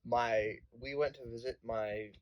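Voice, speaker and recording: A man's voice: mid-range voice, fairly even intonation, a little slow, no room sound, lo-fi sound. Young male co-host, playful and chatty, casual storytelling. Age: young adult. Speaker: podcast co-host. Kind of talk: casual chat among friends.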